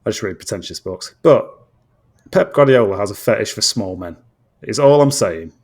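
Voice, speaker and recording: A man's voice: on the low side, animated, normal speed, a little mellow. A man from England, chatting bluntly and teasingly on a podcast, swearing freely. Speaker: guest. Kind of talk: casual podcast chat. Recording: remote call audio.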